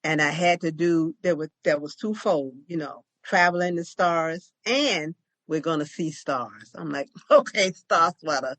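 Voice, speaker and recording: An older woman, a podcast co-host, chatting casually and telling a long, lively story. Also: low-pitched, unhurried, no room sound. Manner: chatty storyteller who acts out other people's lines. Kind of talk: casual chat.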